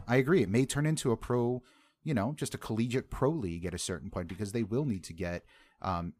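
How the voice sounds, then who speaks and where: Low-voiced upbeat podcast host. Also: male voice, darkish tone. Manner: upbeat, repeats words when starting sentences. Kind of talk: casual sports podcast chat.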